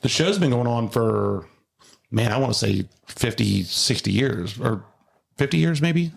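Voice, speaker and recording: A man's voice: medium pitch, lively intonation, a little slow, gravelly. A man, a home builder hosting a casual podcast, rambling through stories with many restarts.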